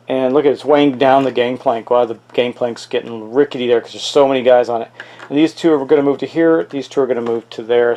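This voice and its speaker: Hosting a solo tabletop miniatures game, this man reasons aloud and reacts loudly whenever the dice land. His voice is mid-pitched and slightly mellow.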